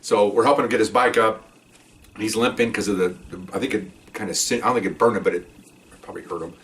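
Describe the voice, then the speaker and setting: A man's voice: on the low side, fairly even intonation, fast talker, a bit bright, distant mic. An older man, a retired police officer, telling a patrol story in a casual, rambling way full of asides and "okay?" check-ins.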